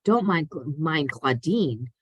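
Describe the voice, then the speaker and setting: A woman reading aloud voices a blunt, gloomy young girl who speaks flatly and matter-of-factly. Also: low-pitched, slow, husky, dry recording, muffled recording, exaggerated voice. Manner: flat, blunt and matter-of-fact.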